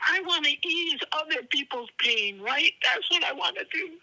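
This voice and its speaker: A woman calling into a live show, her high voice thin and tinny over a phone line. She sounds emotional and grateful, her voice breaking at times. Her tone is very bright and sharp. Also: animated, normal speed. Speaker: caller. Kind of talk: live call-in conversation. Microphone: telephone.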